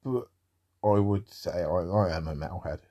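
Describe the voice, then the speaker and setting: A man's voice: low-pitched, normal speed, warm tone, husky. A man talking in a rambling casual monologue about music, with wry asides.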